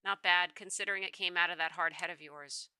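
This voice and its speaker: A young mother, fond and teasing toward her husband, read by a woman in her own very bright voice. It sounds like game dialogue read aloud. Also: lowish voice, steady tone, fairly quick, clear, resonant tone, no echo, voice pushed down. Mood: affectionate.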